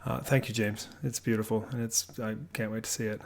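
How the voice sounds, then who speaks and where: A man giving a relaxed, rambling voiceover house tour from his home office, with many fillers and restarts. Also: fairly low pitch, a little fast, creaky. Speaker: homebuilding vlogger.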